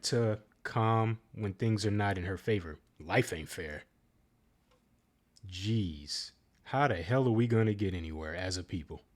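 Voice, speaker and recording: A man with a lowish voice talks through a reaction video in a loose, casual way. He stops often with ums and uhs and restarts his sentences. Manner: halting, many ums and uhs. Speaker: reaction channel host.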